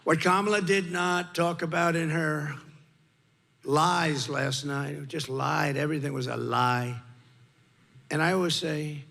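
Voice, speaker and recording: In no hurry, an older candidate speaks with a creaky, sharp voice on the high side and a steady tone. His improvised rally speech at a podium leans on short, repeated emphatic lines, captured through reverberant PA audio in a large venue with a faint crowd.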